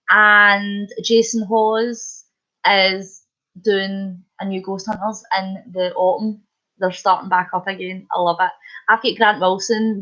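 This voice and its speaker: A Scottish woman chatting casually on her live stream, bubbly and quick to laugh. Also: medium pitch, bright, forceful tone. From Scotland. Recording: dull lo-fi stream audio.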